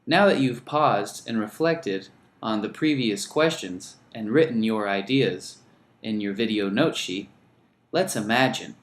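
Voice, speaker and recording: A man teaching an English lesson, speaking slowly and deliberately and modelling phrases for learners to repeat. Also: lowish voice, expressive, reverberant. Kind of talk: scripted lesson narration.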